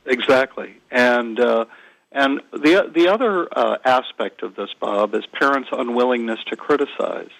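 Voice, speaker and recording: A man who is a parenting author, answering interview questions earnestly and in a measured way, with frequent hesitations. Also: mid-range voice, gravelly, a bit bright, no room sound, rough recording.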